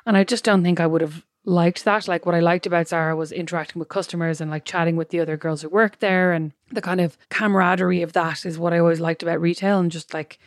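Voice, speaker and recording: A chatty Irish woman on a podcast, racing through her stories at a quick clip. Her voice sits fairly low, and the recording is dry and close, with no room sound. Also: fairly even intonation, no room sound. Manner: chatty, rambling anecdotal storytelling. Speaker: podcast co-host. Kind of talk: casual chat.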